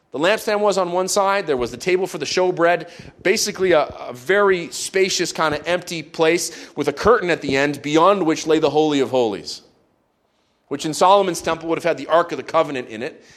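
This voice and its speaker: A man's voice: fairly high pitch, a little fast. A man preaching a sermon, retelling a story in a conversational way with playful asides.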